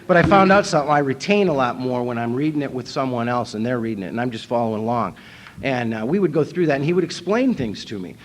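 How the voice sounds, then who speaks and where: A man's voice: medium pitch, lively intonation, fast. Wry self-mocking man telling his story. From North Dakota. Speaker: recovery meeting speaker. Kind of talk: storytelling talk at a convention. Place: convention hall.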